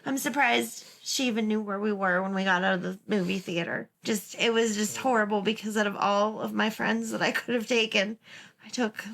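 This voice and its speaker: A woman's voice: mid-range voice, fairly even intonation, moderate pace, vocal fry, fairly bright tone. A woman co-hosting a podcast, telling a story in casual chat with a lot of laughing. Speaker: podcast co-host.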